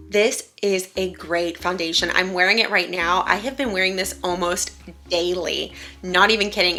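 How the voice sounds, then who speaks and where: A woman's voice: fairly low pitch, vocal fry, pushed and bright. A woman beauty vlogger gushing enthusiastically as she reviews her favorite makeup products.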